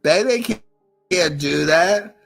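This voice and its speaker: A man's voice: high voice, expressive, takes it slowly, gravelly, loud music behind the voice. A man hosting a live stream in casual chat, rambling crudely and repeating himself.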